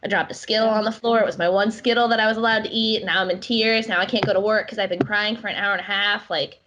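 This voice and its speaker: Female co-host, mid pitch, candid and talkative, slightly muffled recording. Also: fairly even intonation, fast, fairly bright tone, slight background noise. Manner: chatty, candid, lots of "like". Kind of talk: casual podcast chat.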